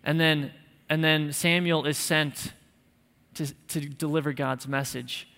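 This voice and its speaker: A male pastor preaches in an emphatic, conversational way with light humor. His voice sits slightly high. A long church-hall reverb trails his words. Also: steady tone, measured pace, creaky, pushed and bright. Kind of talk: sermon.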